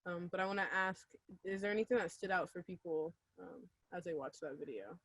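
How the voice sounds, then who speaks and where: A woman leading an online workshop in a relaxed, chatty way, with frequent ums. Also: fairly low pitch, dry recording. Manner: relaxed and chatty, with many ums and a quick laugh. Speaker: workshop facilitator. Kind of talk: casual online workshop presentation.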